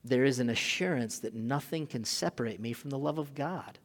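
Animated preacher in a reverberant hall. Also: male voice, mid-range voice, moderate pace. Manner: animated, rising to loud emphatic peaks when reading scripture; casual asides with filler and restarts. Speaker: pastor. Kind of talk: sermon.

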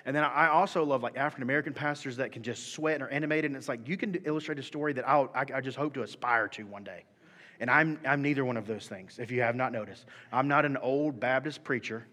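A man in his thirties preaching a sermon, animated and swinging from soft talk to shouting. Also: medium pitch. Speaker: pastor. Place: church hall. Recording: long hall reverb.

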